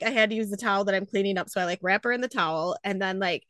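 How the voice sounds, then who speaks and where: A woman in her thirties tells a story on a podcast, casual and animated, with "like" in nearly every line. Her voice sits in a middle pitch. The sound is close and dry, with no room around it. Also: rapid-fire, dry recording. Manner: animated storyteller, heavy use of "like". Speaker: podcast co-host.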